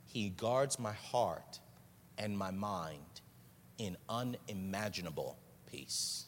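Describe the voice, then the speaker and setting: Male pastor, low voice, slow earnest sermon, long church reverb. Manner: earnest, unhurried preaching with pauses and repeated phrases. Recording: distant voice with long hall reverb, faint noise.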